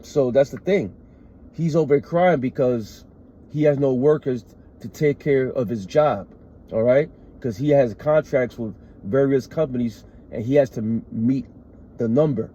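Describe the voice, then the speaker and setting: A man's voice: mid-range voice, measured pace, warm tone, dull audio. A man teaching scripture in an emphatic way. He reads verses aloud, then explains them, often adding "all right" and "man". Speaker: street preacher.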